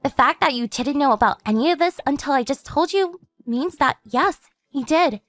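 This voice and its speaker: Lively, high-pitched composed sister, a woman voicing her for an animated story. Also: no echo. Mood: steady. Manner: measured, explanatory storytelling. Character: calm woman warning her sister about a stalker ex.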